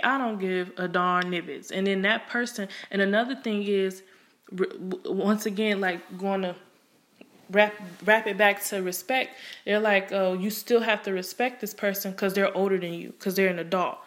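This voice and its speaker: A woman's voice: medium pitch, steady tone, moderate pace, a bit bright. Candid, emphatic young woman. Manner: frank and emphatic, with heavy cursing; conversational, many fillers and restarts. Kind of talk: candid personal monologue.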